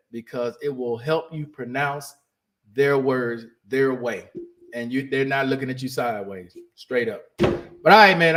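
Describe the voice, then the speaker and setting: A man's voice: medium pitch, fairly bright tone. A man hosting a podcast, talking to listeners in a candid, casual monologue. He often restarts and repeats phrases for emphasis. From United States. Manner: candid, emphatic, repeats himself while searching for words. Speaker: podcast host.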